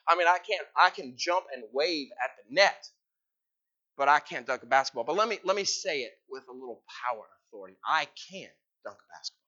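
A man's voice: on the high side, brisk, sharp tone, dull audio. A man preaching a sermon in a conversational way, teasing the congregation with questions. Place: church hall.

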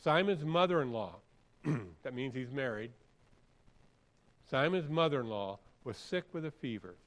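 A man preaching a sermon, reading scripture aloud and then explaining it conversationally, often clearing his throat and repeating phrases for emphasis. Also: mid-range voice, lively intonation, measured pace, low-quality recording. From San Francisco area. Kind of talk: expository sermon.

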